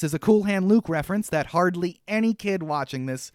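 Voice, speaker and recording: A man co-hosting a podcast, recapping a cartoon in animated, rambling casual chat with lots of fillers. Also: on the high side, normal speed, no room sound, studio quality. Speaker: podcast co-host.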